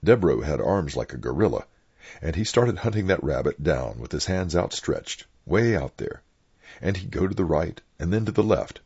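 A man's voice: extremely low pitch, vocal fry, a little mellow, husky. An older man, a former church leader, recalling parish life in a blunt, opinionated storytelling manner for an oral history. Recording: dull lo-fi recording.

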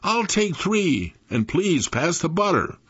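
A man's voice: on the high side, sing-song, takes it slowly, fairly bright tone, breathy edge, pitched above the performer's own voice, exaggerated voice. An old man voicing a drowsy young farm boy who complains about being woken early. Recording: dull lo-fi recording.

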